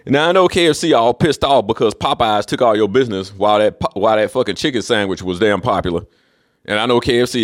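A man hosting a solo podcast, ranting in a casual, profane and emphatic way. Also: on the low side. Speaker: podcast host.

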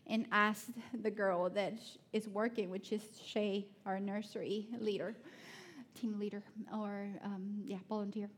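A woman giving a sermon, telling personal stories in an animated way with laughter and soft, prayerful asides. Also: medium pitch, measured pace, a little hiss or hum. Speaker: speaker at a church.

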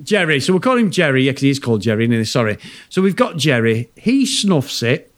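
A man's voice: mid-range voice, sing-song, fairly quick. A man co-hosting a podcast, ranting about a film in casual, sweary, exasperated chat. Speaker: podcast co-host.

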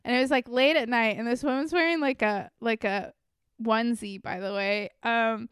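A woman's voice: a little high, fairly even intonation, normal speed, fairly bright tone, clean tone, no room sound, clean studio sound. A young woman chatting casually as a podcast co-host, telling stories with lots of "like" and "um". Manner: chatty storytelling with many likes and ums. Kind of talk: casual chat.

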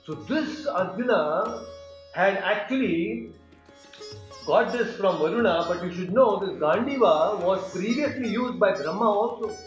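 A man retelling an epic tale in an animated storytelling style, asking his listeners questions. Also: high-pitched, measured pace. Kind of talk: mythology storytelling. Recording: echoey room with soft music.

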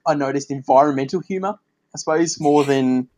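A man's voice: on the high side, a little fast, warm tone, poor audio. Chatty male podcast host. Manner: chatty and candid, swears and laughs freely. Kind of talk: casual podcast interview.

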